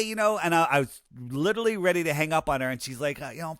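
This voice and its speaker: A man talking casually as an interview guest, telling anecdotes in an animated way and acting out the dialogue he quotes. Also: a little high, quick pace, hardly any pauses, clear, resonant tone, no echo, clean studio sound. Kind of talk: casual conversation.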